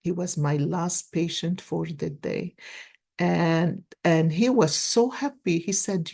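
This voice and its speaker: A woman's voice: lowish voice, takes it slowly, vocal fry, darkish tone, husky. A woman in her sixties giving a casual card reading, telling stories earnestly with many restarts. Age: 60s. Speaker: tarot card reader and life coach.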